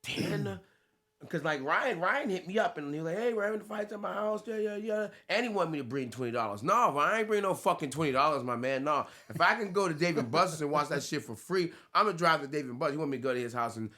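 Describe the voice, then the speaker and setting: A man's voice: a little high, lively intonation, fast, bright, forceful tone. A man from the United States, a fighter co-hosting a podcast, chatting casually with loose, laughing, swearing banter.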